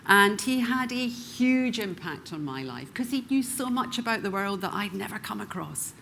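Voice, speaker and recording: A middle-aged woman from Glasgow with a Scottish accent, speaking as a keynote speaker and slowing down with dramatic pauses for emphasis. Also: medium pitch, lively intonation, vocal fry, fairly bright tone, a little hiss or hum. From Scotland. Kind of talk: motivational stage talk. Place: conference room before a live audience.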